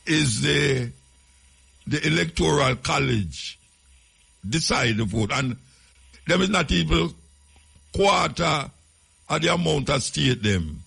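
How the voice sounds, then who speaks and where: Jamaican male radio host, deep gravel and heavy rasp, chatty and loose. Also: animated, slow pace, long pauses, a bit bright. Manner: chatty, laughing asides, patois phrasing. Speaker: radio talk show host. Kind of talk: casual radio chat.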